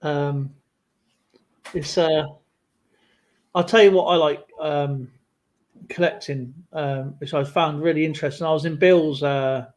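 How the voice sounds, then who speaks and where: A man chatting casually on a livestream, rambling through an animated story with lots of fillers. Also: on the high side, unhurried, pauses often, poor audio. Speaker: guest on a livestream. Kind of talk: casual chat.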